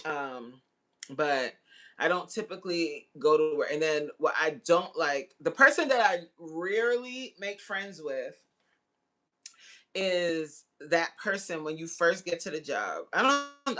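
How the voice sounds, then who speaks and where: A woman in her forties hosting a casual livestream and chatting with viewers. She is slangy and laughs often, with sudden jumps into high exclamations. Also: lively intonation, measured pace, a bit bright. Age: 40s. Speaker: livestream host. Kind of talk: casual live chat reading viewer comments.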